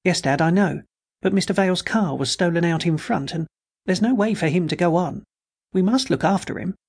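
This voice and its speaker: A woman's voice: fairly low pitch, fairly quick, darkish tone, breathy edge, voice pushed up. A man narrating an audiobook, voicing a nervous, defiant young woman who speaks shakily and turns hysterical. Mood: pleading. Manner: shaky, rising to hysterical and defiant. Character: frightened, fiery young woman, a recluse's daughter.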